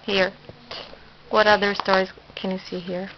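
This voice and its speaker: A woman gently prompting a child with questions about stories. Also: medium pitch, flat delivery, a little slow, dull audio, noisy background. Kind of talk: encouraging questions.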